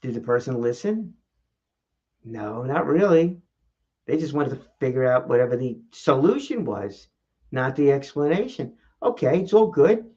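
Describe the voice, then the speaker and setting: Man, casual vlog host, lively rhetorical style, muffled recording. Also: moderate pace. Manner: animated, rhetorical questions, shifts pitch for emphasis. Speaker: vlog host and speaking coach. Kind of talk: casual talking-head vlog. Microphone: camera mic.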